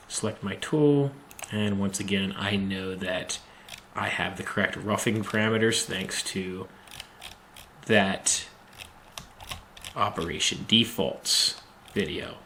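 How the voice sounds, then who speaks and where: Slow, gravelly-voiced man teaching software. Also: on the low side, a little hiss or hum. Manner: slow, methodical, thinking aloud with many ums. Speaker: machining instructor. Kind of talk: screen-recorded software tutorial.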